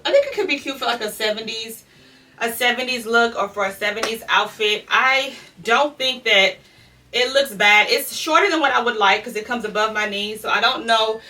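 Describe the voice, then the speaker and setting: A woman's voice: a little high, pushed and bright, far from the mic. A woman from Louisiana chatting through a clothing try-on haul, out of breath and talking straight to her viewers. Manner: chatty, addresses viewers as y'all. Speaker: fashion vlogger. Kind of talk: casual try-on haul chat.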